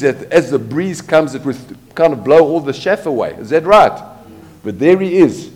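A man's voice: medium pitch, a little mellow. A man preaching a sermon, asking his congregation rhetorical questions as he goes. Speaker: pastor.

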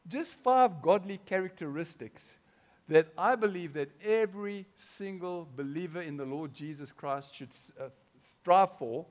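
A man preaching a sermon, swinging between loud and hushed delivery and often asking the congregation questions. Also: sits high, lively intonation, unhurried.

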